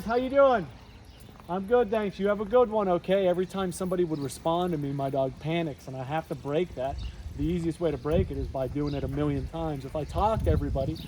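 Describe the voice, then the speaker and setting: A man working as a dog trainer, explaining his methods in a casual instructional way and coaxing the dog with high, sing-song praise. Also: mellow, slight background noise. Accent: Western Pennsylvania. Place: outdoors on walks, then indoors in a stairwell. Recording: echoey, distant camera audio.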